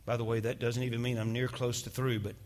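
A man's voice: mid-range voice, little pitch movement, quick pace, a little mellow. A male pastor preaching a sermon and dramatically retelling a testimony. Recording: long reverb of a large hall.

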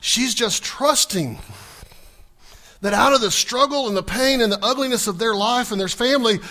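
A man with a high voice preaches to his congregation. He keeps asking the listeners questions and plays the scripture characters' lines himself. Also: moderate pace. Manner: animated, asks the congregation questions, acts out scripture dialogue. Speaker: pastor. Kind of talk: sermon.

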